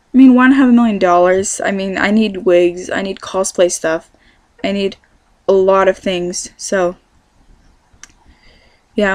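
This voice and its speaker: A woman's voice: mid-range voice, no room sound. Chatty young Californian woman. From California, USA. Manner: chatty and rambling, many fillers and self-corrections. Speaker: vlogger. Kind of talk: casual chat to camera. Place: her bedroom.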